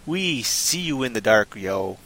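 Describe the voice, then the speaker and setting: Threatening zombie brute played by a man, low and lively, bright tone. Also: measured pace. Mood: menacing. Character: menacing male zombie horde voice.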